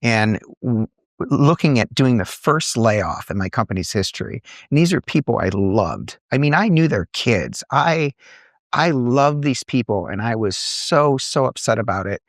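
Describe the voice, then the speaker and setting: A middle-aged man, an entrepreneur and coach, telling earnest, animated stories in a podcast conversation. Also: mid-range voice, measured pace, no echo, clean studio sound. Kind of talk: conversational storytelling.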